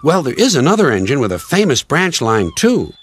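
A man voicing a small, timid young male engine who hesitates and squeaks. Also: sing-song, brisk, slightly rough. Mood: hesitant.

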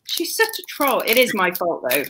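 A woman co-hosting a casual live stream, cheerful and quick with short quips. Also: medium pitch, sing-song, bright, forceful tone, a little hiss or hum. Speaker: co-host.

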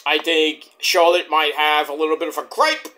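A man's voice: on the high side, fairly even intonation, normal speed, pushed and bright. A man reviewing a wrestling show in a heated, profane, rambling rant.

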